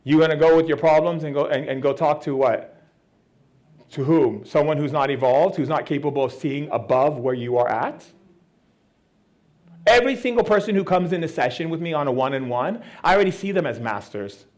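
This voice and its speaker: A man's voice: fairly high pitch, fairly quick, a little mellow. A man giving a spiritual talk at an expo, playful and laughing as he acts out little voices. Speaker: spiritual speaker. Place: expo lecture hall.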